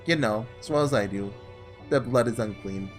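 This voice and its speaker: A man voicing a calm, dying young man. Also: medium pitch, moderate pace, soft background music, close to an everyday voice. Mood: wry.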